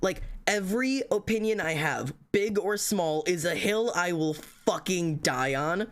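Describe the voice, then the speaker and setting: A man's voice: high voice, expressive, a little slow, a bit bright. A man venting to his livestream chat in a rambling, self-critical rant, swearing heavily and restarting his sentences often.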